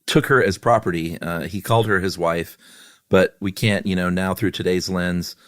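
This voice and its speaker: A man co-hosting a podcast in casual chat, relaxed and self-deprecating with many fillers. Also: low-pitched, normal speed, no room sound, clean studio sound. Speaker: podcast co-host.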